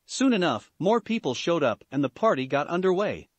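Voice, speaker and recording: A man narrating a fan-fiction story in an expressive, animated reading. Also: a little high, fairly quick, breathy edge, no room sound.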